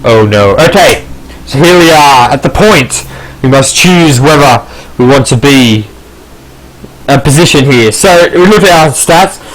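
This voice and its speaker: A man's voice: mid-range voice, animated, unhurried, low-quality recording. A man playing a text game, reading the story aloud with casual asides. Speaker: gamer. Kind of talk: casual let's play narration.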